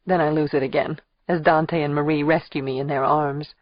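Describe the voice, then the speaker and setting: A woman narrating a thriller audiobook in the first person, with a measured, expressive reading. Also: sits low, dry recording, dull audio.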